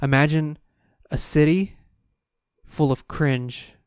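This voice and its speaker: A man's voice: fairly high pitch, fairly even intonation, slow, darkish tone, clear, resonant tone, no echo, studio quality. A man delivering a profane, exasperated comedic rant, exaggerating wildly. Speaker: comedic ranter.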